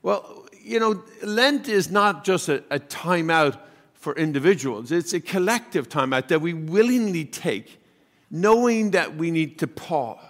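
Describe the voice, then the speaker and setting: A man giving a homily, telling a family story in a chatty, halting way and acting out the voices in it. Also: a little high, expressive, fairly bright tone. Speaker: priest. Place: church. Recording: long hall reverb.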